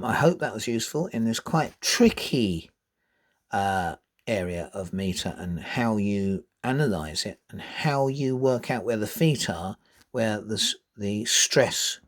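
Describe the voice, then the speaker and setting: A man teaching how to work out the metre of a poem, reading lines slowly with marked stress and explaining with emphatic restarts. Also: deep voice. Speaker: poetry teacher. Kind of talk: explanatory lesson.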